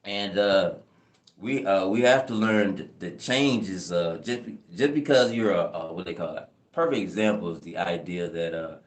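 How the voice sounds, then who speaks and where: A man's voice: sits low, normal speed. A young man hosting a casual live chat, rambling in laid-back slang and often asking "you know what I'm saying". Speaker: channel host answering live chat. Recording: echoey room.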